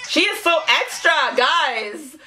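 A woman's voice: high voice, big pitch swings, slow pace, sharp tone, faint music behind. A woman hosting a casual reaction vlog, bubbly and giggly, gushing out exclamations to her viewers. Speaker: YouTube reaction host.

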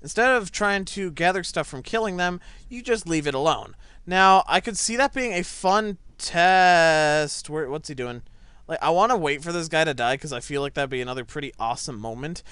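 Excitable high-voiced young man gaming. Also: moderate pace, clean tone, no room sound. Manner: excitable, yelps and laughs at big moments. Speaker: gaming channel host. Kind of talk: gameplay commentary. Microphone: desk microphone set back a little.

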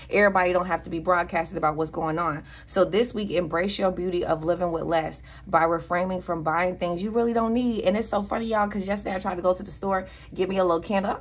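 A woman with a Southern US accent giving a casual tarot reading, blunt and profane, with preachy asides. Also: lowish voice. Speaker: tarot reader.

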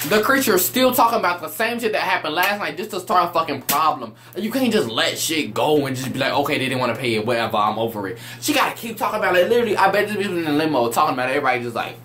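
A young man giving a loud, animated, profane rant as he reviews a reality show. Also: high voice, rapid-fire, hardly any pauses, faint music behind.

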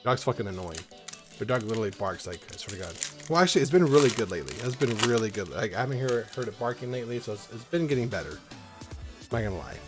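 A man's voice: medium pitch, quick pace, over music. Rambling, foul-mouthed young man. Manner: rambling, swears a lot, bursts into loud excited whoops. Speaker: YouTuber opening trading card packs. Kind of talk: casual rambling vlog. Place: at home in an apartment.

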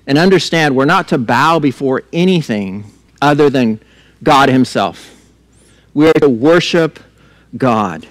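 A man's voice: mid-range voice, lively intonation, unhurried, no echo. A middle-aged male pastor preaching a sermon in a conversational way, with laughing asides and repeated words as he restarts.

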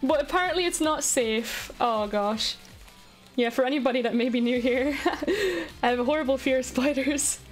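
A woman streams a game live, her voice sitting high as she chats excitedly with viewers. She talks fast and reacts to everything on screen. Faint music plays underneath. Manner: excitable, chatty, talking to chat.

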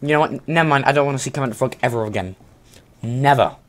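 A young man giving casual commentary while playing an online shooter, excitable and breaking into sudden shouts. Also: mid-range voice, fast, a little hiss or hum. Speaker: gamer.

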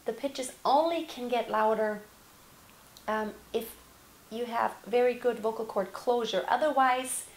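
Singing teacher with a roomy echo. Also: female voice, fairly high pitch, creaky. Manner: explains with demonstrations, yelling examples. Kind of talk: vocal lesson.

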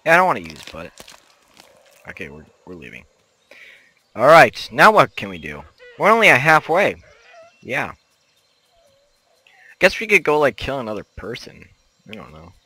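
A young man with a medium-pitched, slightly breathy voice rambles playfully through casual commentary as he plays a game. He talks at a normal speed, sounds very animated, pauses often, and now and then bursts into loud shouts. There's no room sound on the recording.

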